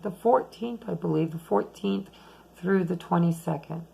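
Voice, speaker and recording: A woman giving a chatty, rambling tarot reading at home late at night, losing her voice and talking softly at times. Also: fairly low pitch, measured pace, gravelly, a little hiss or hum, poor audio. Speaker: tarot reader.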